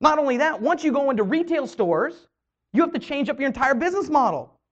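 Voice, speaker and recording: A woman's voice: sits high, brisk. A woman trainer telling a motivational story and acting out the quoted dialogue. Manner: animated, acts out quoted dialogue. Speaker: network marketing trainer. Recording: dull lo-fi audio.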